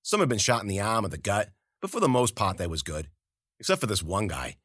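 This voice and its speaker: A man's voice: lowish voice, wildly swooping pitch, brisk, a bit bright, slightly rough, no echo, clean studio sound. A man narrating a first-person story in a gritty, slangy, profane voice. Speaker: audiobook narrator.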